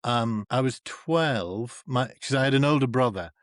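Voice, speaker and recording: A man, a podcast guest, chatting casually and telling animated stories that act out other people's lines. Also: mid-range voice, measured pace, dry recording, studio quality. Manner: animated storyteller, acts out quoted voices. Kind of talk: casual chat.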